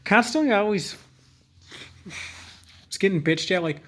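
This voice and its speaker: A young man with a slightly raised pitch, speaking earnestly and openly to camera. His talk rambles and halts, packed with fillers, false starts and self-corrections. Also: expressive, fairly bright tone. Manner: rambling and halting, full of fillers and restarts; earnest and candid. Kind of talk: personal vlog monologue.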